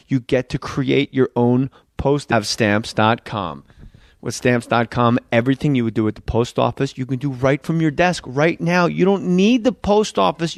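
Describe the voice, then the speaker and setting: A man's voice: mid-range voice, no echo, studio quality. A middle-aged man hosting a comedy podcast, joking around and reading an ad. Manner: animated, jokey, lots of put-on quote voices. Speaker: podcast host. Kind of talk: casual comedic chat and host-read ad.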